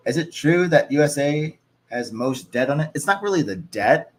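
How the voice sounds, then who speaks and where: A man's voice: fairly high pitch, lively intonation. A man in his thirties from the United States, hosting a livestream and chatting casually as he reads out viewer comments. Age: 30s. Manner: chatty, reacts to chat in quick asides. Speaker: livestream host. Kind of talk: casual watch-along chat, reading viewer comments.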